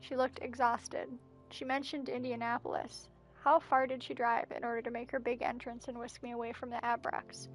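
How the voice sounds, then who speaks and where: A woman's voice: on the high side, flat delivery, normal speed, faint music behind. A woman streaming a game and reading its messages and journal entries aloud as narration, with breathless asides. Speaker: gameplay streamer. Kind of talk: reading game texts aloud during a playthrough.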